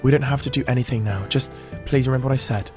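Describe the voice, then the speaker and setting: Guy in his 20s reading the blocky game hero, calm and matter of fact, keeps explaining himself, medium pitch. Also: rapid-fire, soft background music, close to an everyday voice. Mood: soothing. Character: blocky game hero man on a chatbot date.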